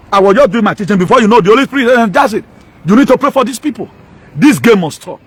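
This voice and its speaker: Nigerian pastor guy preaching loud and emphatic, high husky voice, dry close sound. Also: dry recording. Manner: emphatic, mixes Pidgin and local words, rhetorical questions. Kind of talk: impassioned sermon.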